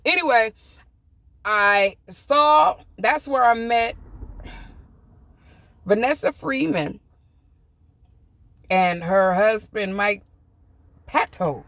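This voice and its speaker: A woman from the US telling a personal travel story in a chatty, animated vlog, acting out what people said. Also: a little high, very slow, long pauses, no room sound. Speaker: vlogger. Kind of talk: casual storytime.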